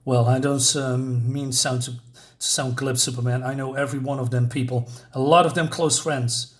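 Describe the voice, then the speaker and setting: A man's voice: mid-range voice, fairly even intonation, normal speed, close to an everyday voice. A man voicing a plainspoken small-town sheriff with a folksy drawl.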